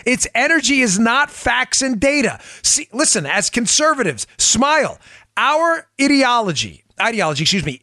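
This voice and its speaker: A man delivers political commentary with big swings of pitch, leaning hard on his points. His voice sits high and lively. The sound is dry and close, with no room around it. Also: dry recording. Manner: animated, emphatic, laughs often. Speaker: podcast host.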